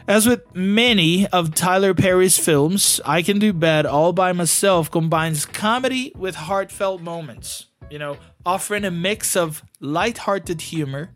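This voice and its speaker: A man with a high-pitched voice hosts a solo podcast, talking a little slowly with few pauses. English isn't his first language, and his casual, conversational delivery is packed with "you know."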